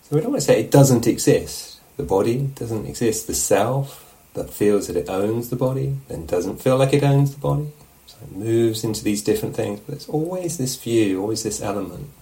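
A man teaching meditation in a relaxed, conversational dharma talk, often checking in with his listeners. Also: mid-range voice, moderate pace, hardly any pauses.

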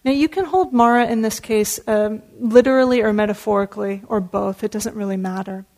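A woman meditation teacher giving a dharma talk in an earnest, warm storytelling manner. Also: mid-range voice, fairly even intonation, a little fast.

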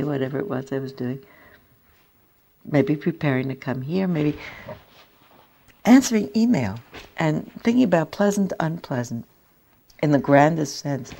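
An older woman giving a dharma talk as a meditation teacher, telling stories in a gentle, reflective way. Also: low voice, creaky. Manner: gentle, reflective storytelling with soft laughs.

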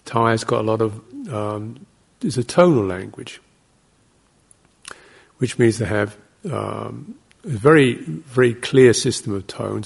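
Gravelly, husky-voiced monk giving a dharma talk. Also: male voice, lowish voice, slow. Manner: anecdotal and digressive, with soft laughs and short acted-out exclamations. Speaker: Buddhist monk teaching meditation.

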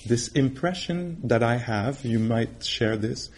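A man's voice: mid-range voice, animated, takes it slowly. Conversational male meditation teacher. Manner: warm, conversational, laughs often, acts out quoted voices. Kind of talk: dharma talk.

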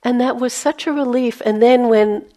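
A woman's voice: a little high, steady tone, normal speed, warm tone. A woman meditation teacher giving a dharma talk, conversational, with playful self-mocking asides and dips into a near-whisper. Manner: drops to a near-whisper for inner thoughts.

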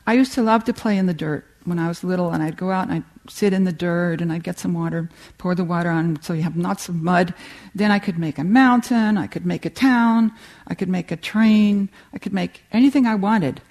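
An older American woman giving a warm, humorous talk on creativity, telling stories and reading slowly from a book. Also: fairly low pitch. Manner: warm, humorous storytelling with slow reading passages. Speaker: meditation teacher giving a talk.

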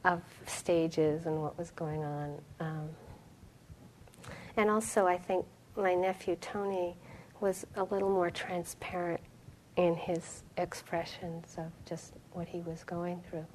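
A middle-aged woman giving a dharma talk as a meditation teacher, reflective and storytelling, with soft pauses. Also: on the low side, little pitch movement, slight background noise, low-quality recording.

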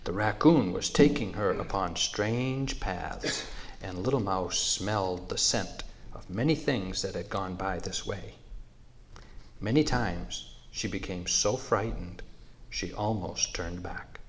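Male storyteller, low voice, very slow and measured narration. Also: a little hiss or hum. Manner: measured, unhurried.

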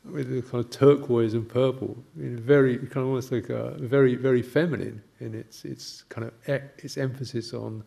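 Gentle, halting older male monk. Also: mid-range voice, fairly even intonation, gravelly. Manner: gentle, halting, with soft laughs. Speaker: Buddhist monk teacher. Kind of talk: reflective talk with anecdotes.

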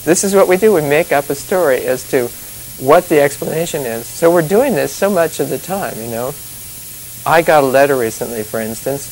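In an informal dharma talk, a male meditation teacher with a fairly high, lively voice speaks a little fast, wandering and restarting as he goes. He chuckles often and drops in "you know" and "you see?" to check in, chatty and rambling. The rough recording carries a faint hiss underneath.

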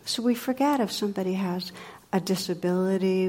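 A middle-aged woman giving a dharma talk as a meditation teacher, telling stories in a gentle, conversational way. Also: mid-range voice, fairly quick. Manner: gentle, conversational storytelling with playful sound effects.

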